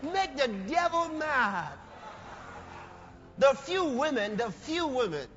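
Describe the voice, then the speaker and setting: A man preaching a sermon in an animated way, breaking into shouts and laughter. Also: very high-pitched, slow. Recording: dull lo-fi sermon recording with faint music.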